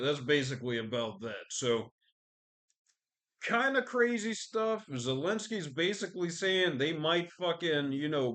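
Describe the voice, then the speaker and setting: A man with a fairly high, fairly bright voice hosts a podcast, ranting casually about the news. He swears constantly and rambles, full of fillers and restarts.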